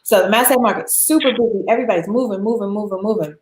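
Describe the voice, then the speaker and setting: An American woman tells stories as a guest in a casual chat. She is animated, laughs often and slips into quoted voices. Her mid-pitched voice rings out in a noticeably echoey room. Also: very fast, noisy background. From United States. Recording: roomy echo.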